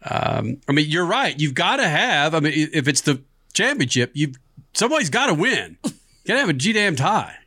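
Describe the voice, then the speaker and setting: A man's voice: on the high side, fairly quick, dry recording. A man hosting sports talk radio, his voice swinging up and down as he jokes and laughs easily. The sound is dry and close, with no room around it. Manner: laughs easily, lively and playful.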